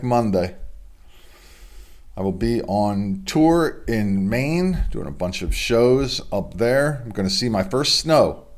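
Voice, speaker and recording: A man's voice: on the low side, a little mellow. A man hosting a casual local sports report from his home studio, reading honors and signings with chatty offhand asides. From United States. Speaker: sports news host.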